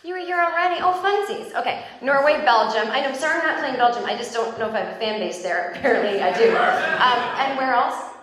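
A woman's voice: high-pitched, fast, crowd noise. Rambling, profane woman comic in an echoey club. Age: 40s. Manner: chatty, rambling, self-deprecating, profane. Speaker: stand-up comedian. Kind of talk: stand-up comedy with crowd work. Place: comedy club stage.

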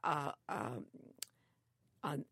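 An older woman speaks slowly with a gravelly edge, laughing softly between her stories. The recording is dry and close. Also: low-pitched, lively intonation, no echo. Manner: slow, chuckling storyteller. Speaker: care home resident. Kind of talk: casual chat.

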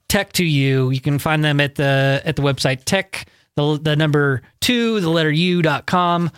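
A man hosts a relaxed podcast in a studio, chatting loosely and circling back on his thoughts. His voice is smooth and resonant and sits a little high for a man. The sound is close and dry, with no room echo. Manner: easygoing, rambling with restarts. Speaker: podcast host. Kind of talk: casual chat.

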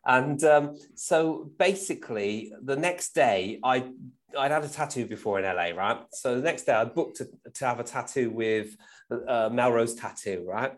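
A man, a guest musician, telling stories casually and animatedly, often tagging "right?" and laughing as he goes. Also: mid-range voice. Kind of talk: casual storytelling.

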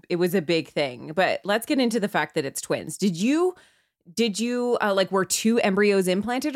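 A woman's voice: lowish voice, dry recording, studio quality. A woman hosting a podcast interview, asking casual follow-up questions and laughing easily. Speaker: podcast host.

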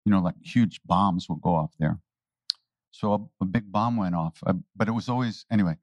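A man telling stories to a live audience on a handheld mic, animated, laughing and often restarting his sentences. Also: low voice, normal speed, no room sound, highs cut off. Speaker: spiritual teacher answering questions. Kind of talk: anecdotal storytelling talk. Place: talk before a live audience. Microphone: handheld microphone.

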